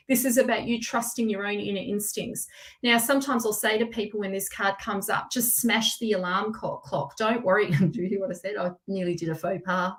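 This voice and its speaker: A woman hosting a live tarot reading stream, talking to viewers by name in an excitable, chatty way and laughing often. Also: medium pitch.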